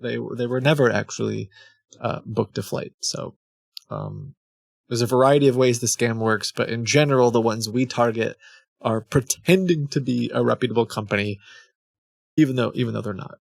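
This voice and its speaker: A man's voice: mid-range voice, animated, normal speed, vocal fry, no room sound. A man hosting a live stream, chatting casually with viewers, with frequent restarts and fillers. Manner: hesitant, many restarts, laughs along with chat. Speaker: streamer host.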